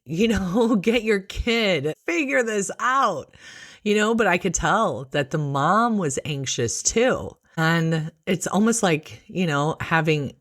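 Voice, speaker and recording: A middle-aged woman, an ER nurse, telling a work story in a casual, animated way and acting out the other people's voices. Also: extremely low pitch, no room sound, studio quality. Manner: animated, acts out voices in quotes. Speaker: ER nurse and podcast host.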